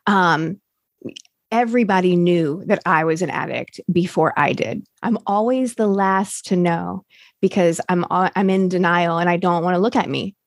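A woman's voice: fairly low pitch, normal speed, no room sound, studio quality. A woman, now a recovery coach, candidly telling her recovery story in a rambling way, full of fillers and restarts.

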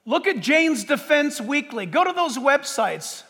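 High-voiced preaching pastor in a reverberant hall. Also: male voice, big pitch swings. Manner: preaching with dramatic pauses and sudden loud bursts. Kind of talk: sermon.

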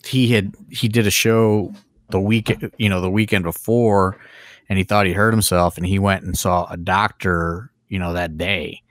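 A man's voice: low-pitched, steady tone, moderate pace, dry recording, clean studio sound. A middle-aged man, a wrestling promoter, talking casually on a podcast, rambling with lots of fillers and swearing. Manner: rambling, heavy fillers and profanity.

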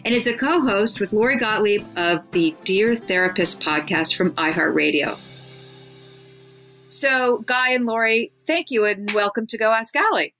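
A woman's voice: mid-range voice, sharp tone, low-quality recording. A woman hosting a talk show, introducing her guests and asking them questions in a chatty way. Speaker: podcast host.

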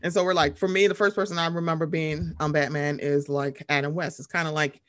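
Lady podcast cohost, casual chat, swears a lot, goes loud and high then drops low. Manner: animated, profane, quick swings in pitch and volume. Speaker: podcast co-host.

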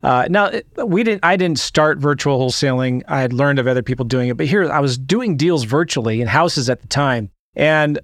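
A man hosting a podcast, opening the episode with an energetic monologue full of rhetorical questions to his listeners. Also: mid-range voice, moderate pace, hardly any pauses, no echo, clean studio sound. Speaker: podcast host.

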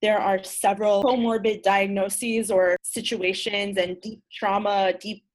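A woman's voice: medium pitch, level tone, unhurried. Thoughtful woman interviewer. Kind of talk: casual interview questions.

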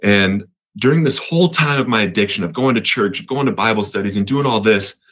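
A man's voice: lowish voice, brisk, a bit bright, dull audio. A man from Colorado, a podcast guest giving an earnest personal faith testimony, often restarting and repeating words.

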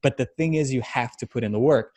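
A man hosting a podcast, explaining ideas thoughtfully with many pauses. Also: medium pitch, darkish tone. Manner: thoughtful, explanatory, halting with fillers. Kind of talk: casual podcast chat.

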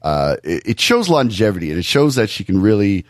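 Low-voiced man in casual podcast chat. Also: very animated, dry recording, clean studio sound. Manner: thoughtful, halting with restarts. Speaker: podcast co-host.

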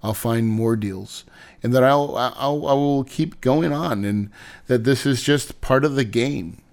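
A man's voice: mid-range voice, measured pace, gravelly, a little mellow. A man hosting a podcast, venting and swearing in a candid monologue, laughing it off between complaints. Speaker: podcast host.

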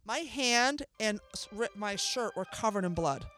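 A woman being interviewed as a guest, telling an emotional story in an animated way and acting out what people said. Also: mid-range voice, a little slow, soft background music. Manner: animated, acts out dialogue, swears freely. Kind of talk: emotional first-person storytelling.

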